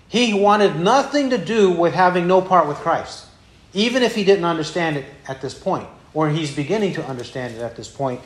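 A man preaching from the pulpit, his voice sitting a little high for a man. He keeps pressing his listeners with rhetorical questions. The room gives his voice a clear echo. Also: a little slow. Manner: asks the congregation rhetorical questions. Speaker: pastor. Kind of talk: expository sermon.

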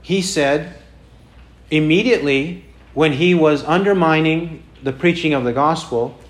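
A man preaching a sermon in a fairly high voice. He talks slowly and with emphasis, asks his listeners question after question and repeats key phrases to drive them home. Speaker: pastor.

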